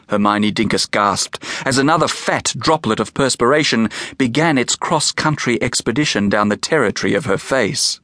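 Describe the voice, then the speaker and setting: A man narrating a children's novel as an audiobook in an expressive storytelling manner. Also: medium pitch, normal speed, hardly any pauses, dry recording, clean studio sound.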